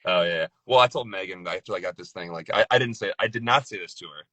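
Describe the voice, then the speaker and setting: A man's voice: low voice, fast, bright, forceful tone, no room sound. A man, a voice actor, talking casually as a guest, loose and laid-back and laughing often. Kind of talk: casual conversation.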